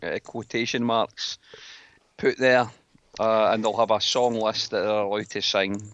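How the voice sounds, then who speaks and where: A man's voice: fairly low pitch, fairly even intonation, a little slow, a bit bright, slight background noise. Man from scotland, casual football chat, teasing, mock-stern, muffled lo-fi sound. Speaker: podcast co-host.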